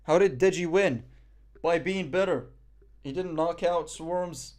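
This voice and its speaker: Young Moroccan streamer, man, slightly high voice, loose self-deprecating banter. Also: a little slow, darkish tone. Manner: joking, self-mocking banter. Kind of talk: casual live-stream chat.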